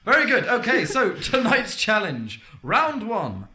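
A man's voice: high voice, wildly swooping pitch, measured pace, bright, forceful tone. A man hosting a comedic mock game show in a playful way, often laughing between lines as he reads out the rules.

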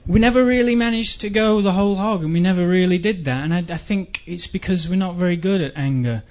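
English guy doing a rambling deadpan comedy bit, highish voice, kinda muffled lo-fi sound. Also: fast talker. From England. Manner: dry, rambling, self-deprecating delivery with sudden shouted outbursts. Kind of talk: comic monologue. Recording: dull lo-fi recording.

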